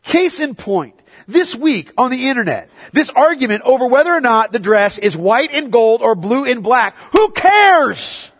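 A man preaching a sermon as pastor, swinging between quiet, low reflection and loud, excited exhortation. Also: normal speed, slightly rough. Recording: long hall reverb.

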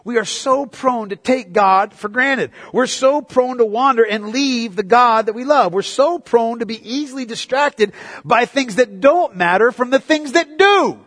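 High-voiced pastor guy preaching, drops low and quiet then gets loud and fired up, big echoey hall. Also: animated, measured pace. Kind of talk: sermon. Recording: long hall reverb.

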